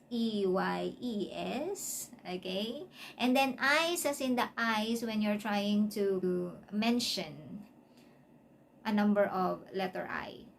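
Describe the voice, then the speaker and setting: A woman's voice: medium pitch, creaky, slight background noise. A woman teaching an English lesson, spelling out words letter by letter and often checking in with "okay?". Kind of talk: explanatory lesson.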